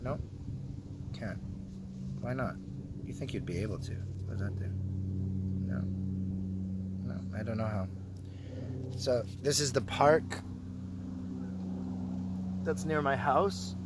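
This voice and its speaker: A man's voice: medium pitch, slow, long pauses, very noisy. A man vlogging casually from a park, joking, teasing and swearing freely as he rambles to his phone. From Canada. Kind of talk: casual rambling monologue to camera. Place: outdoor park.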